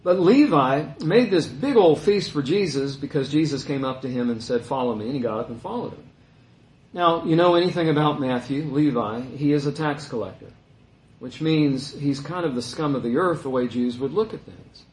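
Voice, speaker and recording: A man leads a conversational Bible lesson, his voice placed somewhat high. He grows animated and climbs even higher when he imitates grumbling people. The room gives his voice a noticeable echo. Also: moderate pace. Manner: animated, voice rising high when quoting complainers. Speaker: Bible teacher. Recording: roomy echo.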